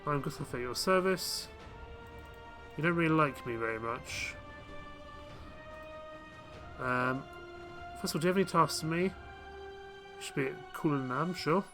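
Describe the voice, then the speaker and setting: A man's voice: a little high, unhurried, long pauses, bright, forceful tone, faint music behind. Chatty male game streamer thinking aloud. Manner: chatty, thinking aloud, self-mocking asides. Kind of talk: casual live gameplay commentary.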